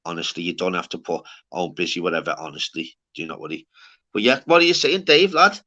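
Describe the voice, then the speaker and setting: A man's voice: low voice, animated, fairly quick, pushed and bright, highs cut off. A man hosting a live stream, rambling and swearing in casual chat, calling everyone lad. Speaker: livestream host.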